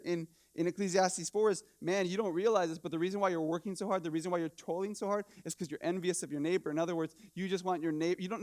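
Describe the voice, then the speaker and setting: A man preaching in church with a high, lifted voice. He talks to the congregation in a lively, conversational way, throwing out rhetorical questions and tripping over quick restarts as his energy climbs. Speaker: pastor. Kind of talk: sermon.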